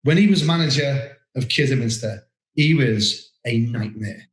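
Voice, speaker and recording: A man co-hosting a casual referees' podcast, telling anecdotes with lively mimicry. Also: medium pitch, measured pace. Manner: animated anecdote-telling with mimicked voices and laughter. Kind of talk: casual chat, storytelling. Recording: roomy echo.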